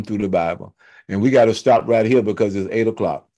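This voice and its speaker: A man teaching a church Bible study, retelling scripture in loose everyday speech with humorous asides and emphatic, slowed-down stresses. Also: fairly low pitch, mellow. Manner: fired up and emphatic, slowing to stress key words.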